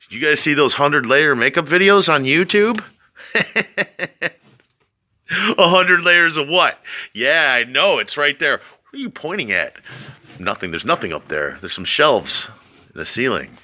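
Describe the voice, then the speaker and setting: A man's voice: a little high, big pitch swings, unhurried, pauses often, pushed and bright. A man vlogging as he reads out a news story, with rambling asides and frequent laughter. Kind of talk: casual commentary on a read-aloud story.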